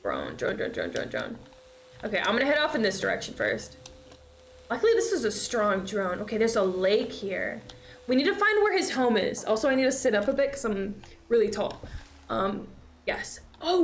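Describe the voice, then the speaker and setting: A young woman streaming a horror game, chatting casually, swearing and shrieking with laughter when scared. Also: a little high. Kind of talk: casual gameplay commentary. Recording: echoey room with faint noise.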